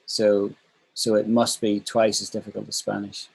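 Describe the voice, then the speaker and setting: A man with a low, husky voice teaches a live English class online. He talks in a chatty, emphatic way and repeats phrases to drive a point home. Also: completely flat delivery, normal speed, a little mellow, rough recording.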